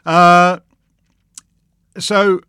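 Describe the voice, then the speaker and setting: A man's voice: sits high, flat delivery, drawn-out words, clean tone, no echo. Sardonic man ranting in a dry room. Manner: mocking, rising to loud indignant rants; sings wordless tunes to mock. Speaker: show host answering listener questions. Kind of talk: sardonic monologue.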